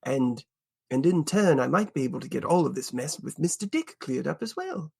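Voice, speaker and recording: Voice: mid-range voice, lively intonation, normal speed, vocal fry, a little mellow, slightly rough. A player voicing a fussy, eager male adventurer in a tabletop game, talking in a flustered, rambling way.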